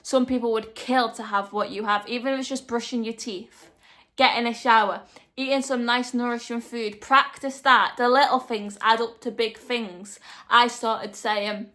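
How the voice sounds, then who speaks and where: Bright-voiced woman giving earnest advice. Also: fairly high pitch, fairly even intonation, moderate pace. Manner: earnest, direct, emphatic repetition. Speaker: vlogger. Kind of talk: motivational talk to camera.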